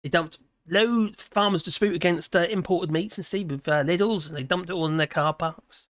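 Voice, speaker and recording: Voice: mid-range voice, moderate pace, a bit bright, no room sound, studio quality. A British host in their fifties, chatting casually on a live stream and reading out notes, rambling off on tangents and laughing along the way. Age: 50s. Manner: rambling, chatty, often laughing and wandering off topic. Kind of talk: casual commentary reading and digressing.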